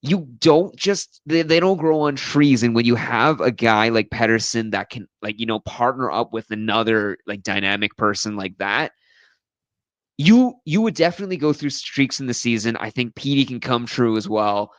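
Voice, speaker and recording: A man's voice: medium pitch, moderate pace, dry recording, muffled recording. Man co-host, self-correcting chat. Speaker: podcast co-host. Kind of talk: casual chat.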